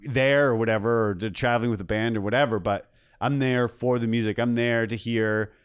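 A man's voice: medium pitch, fairly even intonation, a little fast, clean tone, no echo, studio quality. A man, a comedian guest on a podcast, talking in a rambling, earnest way with many restarts. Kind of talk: casual podcast chat.

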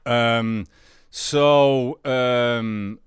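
A man, a musician guest, telling stories in a rambling, halting way with many restarts. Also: mid-range voice, steady tone, clean tone, dry recording, clean studio sound. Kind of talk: casual storytelling interview.

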